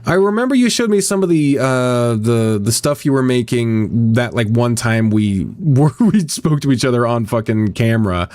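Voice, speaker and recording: Animated swearing male streamer. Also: mid-range voice, moderate pace, hardly any pauses. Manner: rambling, swears often, reads chat aloud. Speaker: streamer and visual novel voice actor. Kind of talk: casual live-stream chat.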